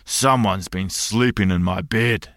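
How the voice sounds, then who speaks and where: Gruff papa bear, growly and forceful , read by a man. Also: lowish voice, unhurried, a little hiss or hum. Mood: indignant.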